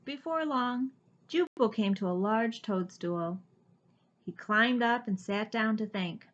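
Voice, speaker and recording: A woman teacher reading a children's picture book aloud, with expressive, dramatic storytelling. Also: on the high side, slow. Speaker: first-grade teacher. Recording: slightly dull lo-fi recording.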